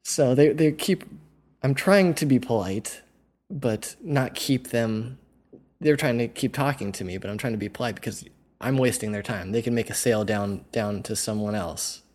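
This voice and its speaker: Young guy podcast host rambling thru a story, lots of like and you know, regular pitch. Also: moderate pace, a little mellow. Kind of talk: casual storytelling chat.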